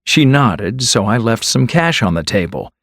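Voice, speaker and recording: A man's voice: mid-range voice, very animated, a little slow, fairly bright tone, no echo, studio quality. A man reading a scripted first-person story in a conversational storytelling way. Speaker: narrator.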